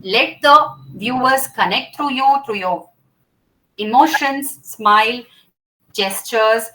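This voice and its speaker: A woman's voice: a little high, bright, forceful tone, low-quality recording. A woman teaching students about public speaking gestures, explaining step by step and often checking with "okay?" while she acts out each gesture. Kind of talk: classroom teaching.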